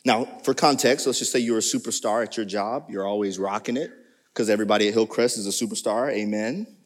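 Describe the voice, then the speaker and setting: A man preaching a sermon as pastor, animated, with sudden jumps in pitch. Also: fairly quick. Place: church sanctuary. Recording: long reverb of a church hall.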